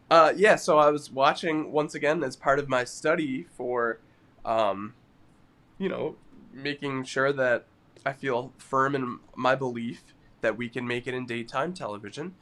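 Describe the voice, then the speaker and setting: A man co-hosting a podcast, telling stories in a giggly, animated casual chat. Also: medium pitch, a little slow, pauses often. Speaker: podcast co-host.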